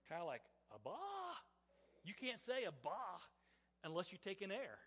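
A man's voice: sits high, big pitch swings, moderate pace, fairly bright tone, husky. A man preaching as a pastor, telling stories in a loose conversational sermon, often stumbling and repeating words as he goes. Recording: long reverb of a large hall.

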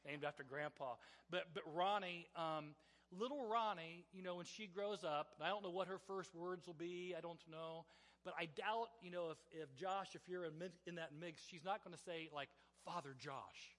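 A man with a high voice delivers a relaxed, story-driven sermon as a pastor, circling back and restarting phrases as he thinks aloud. His voice rings out with a long reverb that trails through a large church hall. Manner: halting, often repeats and restarts words.

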